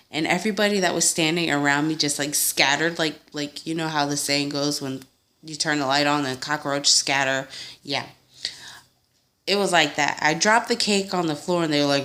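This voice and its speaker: A young woman talks at home in a relaxed vlog, her voice sitting low. She rambles with fillers and small laughs and acts out the quotes. The tone stays casual and unscripted. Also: normal speed. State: sick. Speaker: vlogger. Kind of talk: casual chat answering a tag video.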